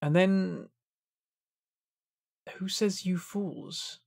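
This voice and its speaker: A man's voice: high-pitched, extremely slow, gravelly, darkish tone, breathy edge. A man giving casual gameplay commentary, thinking aloud as he works things out. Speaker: game streamer.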